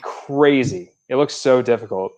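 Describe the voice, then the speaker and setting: A young man co-hosting a casual livestream chat. He talks in an easygoing, chatty way with plenty of fillers, at an ordinary mid pitch. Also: measured pace, a little mellow, a little hiss or hum. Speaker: podcast co-host.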